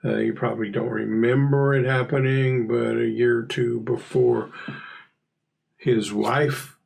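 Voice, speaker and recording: A man narrating as game master in a relaxed, rambling way. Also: medium pitch, unhurried, vocal fry, slight background noise, rough recording. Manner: relaxed, rambling, filler-heavy.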